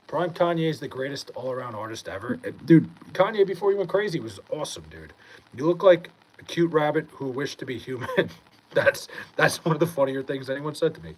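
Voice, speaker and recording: A man's voice: mid-range voice, slight background noise, poor audio. Laid-back young man, chatting on a stream. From Long Island, New York. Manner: laid-back, reads comments aloud, swears, says dude often. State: high. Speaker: livestreamer reading chat. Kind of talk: casual livestream chat.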